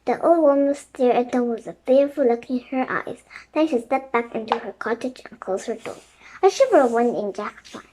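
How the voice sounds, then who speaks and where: A woman narrating a children's chapter book in a steady, clear storytelling voice. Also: a little high, moderate pace, background noise.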